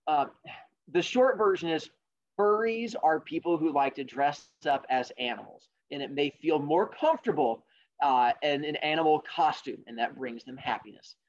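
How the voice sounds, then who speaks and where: A man hosting a podcast, telling a fable in a casual, jokey, animated way. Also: on the high side, normal speed, highs cut off. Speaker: podcast host. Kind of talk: casual storytelling.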